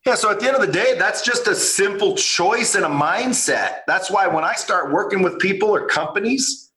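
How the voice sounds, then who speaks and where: A man's voice: sits high, moderate pace. Blunt, profane man in a roomy space. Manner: blunt, profane, animated storytelling. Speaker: podcast guest, entrepreneur. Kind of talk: casual podcast interview.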